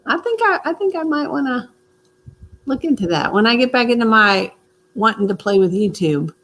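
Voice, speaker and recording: A woman from Missouri hosting a casual group stream, easygoing and quick to laugh. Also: on the high side, lively intonation, a bit bright. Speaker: host.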